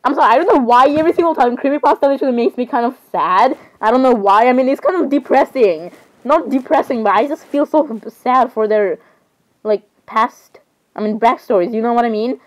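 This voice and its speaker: A young woman with a slightly high voice chats loosely for her vlog. She rambles, giggles, and cuts herself off mid-thought as she talks. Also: fairly quick, poor audio. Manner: rambling, giggly, self-interrupting. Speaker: vlogger. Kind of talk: casual chat over screen browsing.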